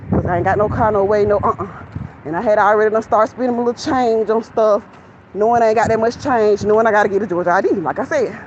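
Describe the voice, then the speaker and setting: A young woman with a drawl vents candidly to her viewers, a little out of breath as she walks. Her voice sits in an ordinary middle pitch. The audio is dull phone sound with traffic noise behind her. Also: fast talker. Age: young adult. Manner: chatty, candid, venting to viewers. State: out of breath while walking. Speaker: vlogger. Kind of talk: casual rambling vlog. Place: outdoors near a shopping center.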